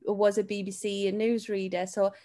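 A woman who works as a talent agent co-hosts a relaxed podcast. She chats freely and laughs easily while she tells stories from her work. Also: medium pitch, moderate pace. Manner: chatty, laughs often, tells anecdotes. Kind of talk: casual podcast chat.

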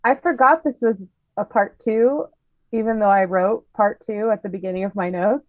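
A woman's voice: mid-range voice, animated, moderate pace, no room sound. A woman co-hosts a podcast in easy, casual chat. She talks in a chatty, giggly way and quizzes her co-host. Her voice comes through a dull, lo-fi mic in a dry space.

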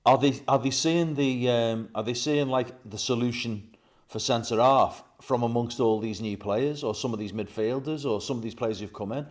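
A man co-hosting a casual football podcast who teases the others and jumps in quickly, going quieter when he thinks out loud. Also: mid-range voice. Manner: teasing, quick to jump in, drops quiet when thinking aloud. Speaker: podcast co-host.

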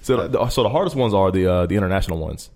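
A man's voice: deep voice, expressive, fast, darkish tone. A tired man, a podcast co-host, telling stories in a loose, profane way and laughing as he goes. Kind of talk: casual storytelling chat.

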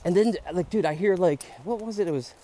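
A man's voice: high voice, brisk, dark tone, a little hiss or hum. Middle-aged Philly guy, chatty podcast host, walking outdoors, loose rambling delivery full of "dude". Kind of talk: casual walk-and-talk monologue. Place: outdoors on a park trail.

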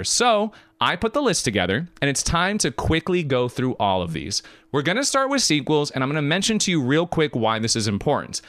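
A man hosting a podcast, talking in an excited, emphatic rant that swings between high and low. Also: dry recording. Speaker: podcast host. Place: California.

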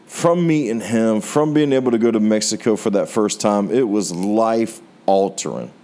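A man's voice: lowish voice, normal speed, dark tone. Earnest American preacher telling his story. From United States. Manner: earnest storyteller, voice rising on rhetorical questions. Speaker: pastor. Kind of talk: sermon testimony.

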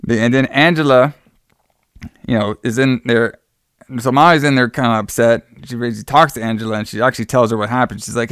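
Man, casual movie recap, rambling and profane, smooth clear voice, dry close sound. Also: mid-range voice, steady tone, brisk, a bit bright, dry recording. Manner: rambling, profane, acts out quotes with laughs. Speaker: podcast co-host recapping a movie.

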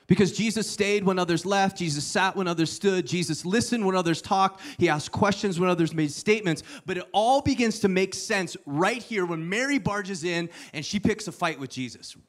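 A man preaching a sermon, telling the story with playful asides and sudden hushed lines. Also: high voice, moderate pace, hardly any pauses. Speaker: pastor.

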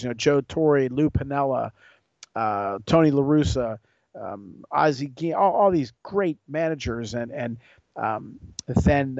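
A man's voice: medium pitch, vocal fry, a little mellow, dry recording, muffled recording. A man hosting his own show, telling a personal story in a casual, rambling way with emotional turns and repeated words. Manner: ad read in sports jargon. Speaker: podcast host.

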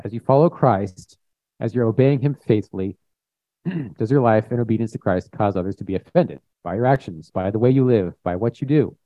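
Young male preacher, plain-spoken and conversational, mellow tone, dull lo-fi sound. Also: on the low side, a little fast, dry recording. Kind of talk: informal sermon with scripture reading. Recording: dull, muffled recording.

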